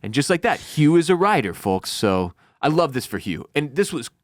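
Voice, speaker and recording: A man co-hosting a casual TV recap show, retelling scenes with lively acted-out lines. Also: on the high side, no room sound. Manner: animated, acts out characters' lines in quick impressions. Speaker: podcast co-host.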